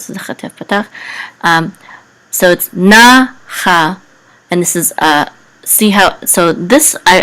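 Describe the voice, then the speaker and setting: A woman teaches Hebrew reading and chant in a casual, halting way, using many fillers. For the words themselves she breaks into a higher, sung tone.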